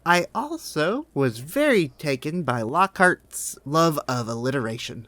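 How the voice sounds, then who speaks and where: An enthusiastic podcast co-host, talking through a book in casual chat. The voice rises and falls in a lively way, recorded close and dry with no room sound. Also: medium pitch, a little slow, no echo. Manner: enthusiastic, thinks aloud about book details.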